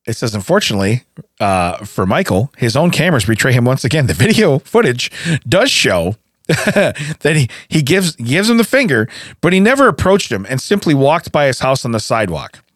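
Laughing frequently through his animated stories, this man co-hosts a laid-back comedy podcast. He has a mid-range voice and a moderate pace, captured on a studio mic with no room sound.

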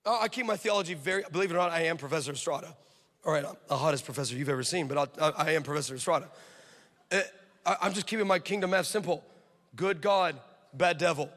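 A male pastor preaches with a high, bright, ringing voice and lively storytelling. He swings from loud declarations to hushed asides, and the sound carries a long hall echo. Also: fast. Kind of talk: sermon.

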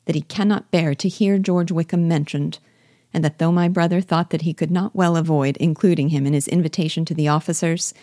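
A woman's voice: low voice, mellow, dry recording, clean studio sound. A woman reading a disdainful society lady with a civil, sneering manner.

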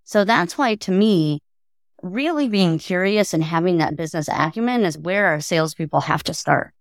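A woman's voice: fairly low pitch, expressive, moderate pace, no echo, studio quality. A woman speaking as a sales panelist, explaining her point earnestly with frequent "like" fillers. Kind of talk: roundtable discussion.

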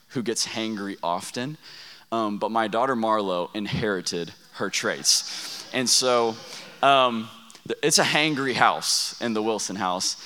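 Pastor preaching in a big echoing hall. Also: male voice, fairly low pitch, sharp tone. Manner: storytelling, conversational, asks the room questions. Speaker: youth pastor. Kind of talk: sermon to students at a camp. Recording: long reverb of a large hall.

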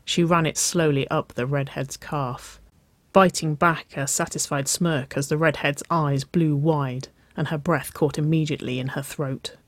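A narrator reading a romance story aloud in a soft, unhurried way. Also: medium pitch, dry recording.

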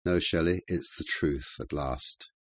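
A determined man speaks quietly and firmly, as a male narrator reads him. The voice is low and husky, close to the narrator's own. It is a storybook reading in a dry, close recording. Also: unhurried, no room sound. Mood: calm. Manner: quiet, firm. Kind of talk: audiobook character voice.

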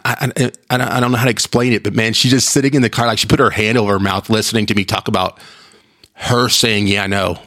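A man's voice: on the low side, wildly swooping pitch, a little fast, sharp tone. A man hosting his own podcast, telling stories in a chatty, rambling way with frequent restarts. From Texas. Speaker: podcast host. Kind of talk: casual solo podcast chat.

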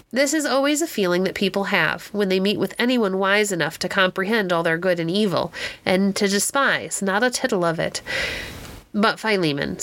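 A woman reads a classic children's story aloud, measured and expressive in a storytelling manner, in a mid-range voice.

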